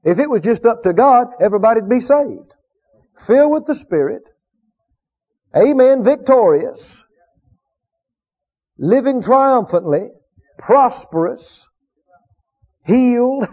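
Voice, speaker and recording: A man's voice: very high-pitched, lively intonation, slow, pauses often, a little mellow, slightly rough. A man preaching a sermon, emphatic, repeating key phrases and drawing out quoted scripture. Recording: dull lo-fi recording.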